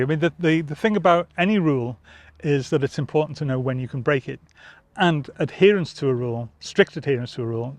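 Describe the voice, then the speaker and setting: A man's voice: mid-range voice, dry recording. A man, a theatre festival director, explaining verse rhythm in an interview, tapping out beats aloud and reciting lines to demonstrate. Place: outdoor college garden.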